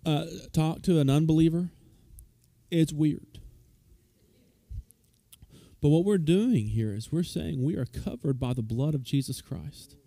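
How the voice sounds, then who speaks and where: Mellow-voiced pastor preaching a casual sermon. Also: male voice, on the high side, unhurried, creaky, long pauses, dry recording. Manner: informal, with frequent restarts and fillers; grows lively and loud when retelling a story. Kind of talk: conversational sermon. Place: church service.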